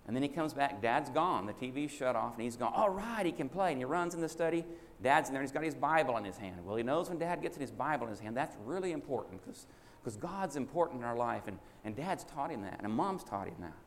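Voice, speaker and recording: A man preaching in a folksy storytelling style, at an ordinary middle pitch. His voice rings with a long hall reverb, and a faint hiss sits under it. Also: animated, fast talker, hardly any pauses. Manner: folksy, acts out child and father voices in a story. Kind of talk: sermon storytelling.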